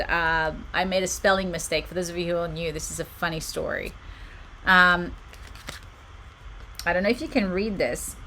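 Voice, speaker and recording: Bright-voiced woman doing a chatty live card reading. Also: fairly low pitch, slight background noise. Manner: chatty and giggly, reading out viewer comments. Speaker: oracle card reader and channel host. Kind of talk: casual livestream card reading. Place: home room with her books on shelves behind.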